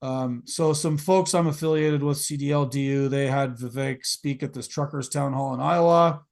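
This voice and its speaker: Gravelly man rambling through a podcast chat. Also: mid-range voice, steady tone, moderate pace. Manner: rambling, frequent fillers and restarts. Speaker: podcast host.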